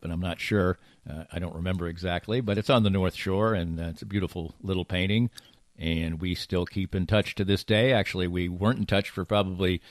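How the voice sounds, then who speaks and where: A man's voice: sits low, no room sound, studio quality. An older man from the Boston area with a faint Boston accent, a broadcaster reminiscing in a rambling podcast monologue from his home office. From Boston area, USA. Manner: reminiscing, rambling with frequent uh and restarts, quiet at times. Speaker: podcast host and play-by-play broadcaster. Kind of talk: personal reflective podcast monologue.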